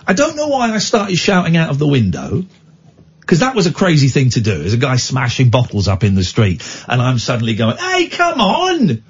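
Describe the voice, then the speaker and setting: A man hosts a talk radio show, telling stories with a husky, rough-edged voice. His pitch leaps about as he acts out the people in them. The sound is dull and lo-fi, like an old radio broadcast. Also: big pitch swings, brisk. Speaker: radio phone-in host. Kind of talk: casual talk radio storytelling.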